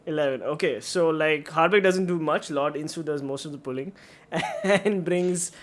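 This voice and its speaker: A man's voice: on the high side, normal speed. Indian man running a tabletop game. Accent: Indian English. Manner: reads room descriptions, then restates them casually. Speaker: game master.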